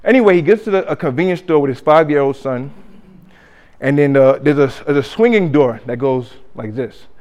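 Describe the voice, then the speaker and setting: Animated man preaching a sermon. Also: on the high side, moderate pace. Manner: animated, acts out quoted voices, swings from loud to hushed. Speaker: pastor. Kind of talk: sermon storytelling.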